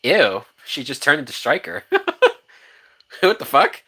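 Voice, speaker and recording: Animated, swearing man reacting to a film. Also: on the high side, unhurried, breathy edge. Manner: animated, profane, laughs often, many restarts. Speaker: movie reaction host. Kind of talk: casual live-watch movie commentary.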